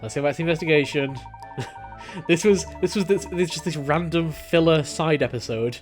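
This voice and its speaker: A man commentating a puzzle game, chatting, laughing often and thinking out loud as he plays. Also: a little high, moderate pace, faint music behind. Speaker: gameplay commentator. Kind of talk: let's play commentary.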